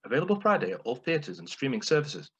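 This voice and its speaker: A man's voice: medium pitch, big pitch swings, fast talker, a bit bright, slight background noise. A man imitating a dramatic movie trailer announcer, grave and weighty. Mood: ominous.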